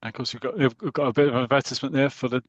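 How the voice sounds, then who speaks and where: A man hosting a chatty podcast, full of enthusiasm and quick to laugh. His voice sits in a middle register, recorded close and dry with no room sound. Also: medium pitch, steady tone, no echo, muffled recording. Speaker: podcast host. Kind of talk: casual chat, reading comic aloud.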